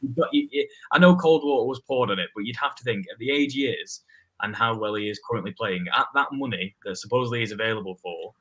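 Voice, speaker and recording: A man with an English accent, a guest fan giving his match opinions in halting speech with many restarts. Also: mid-range voice, bright, forceful tone, slightly rough, low-quality recording. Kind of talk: casual football fan chat.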